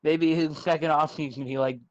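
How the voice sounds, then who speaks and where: A man's voice: a little high, fairly even intonation, moderate pace, lo-fi sound. A man co-hosting a casual fantasy football chat, throwing in joking asides. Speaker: co-host on a stream.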